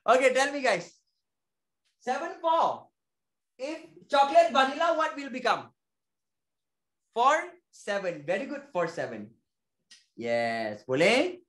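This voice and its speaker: A man with a Malaysian accent teaching a lively online primary school maths class, energetic and coaxing, mixing Malay and English. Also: very high voice, slow, pauses often, echoey room.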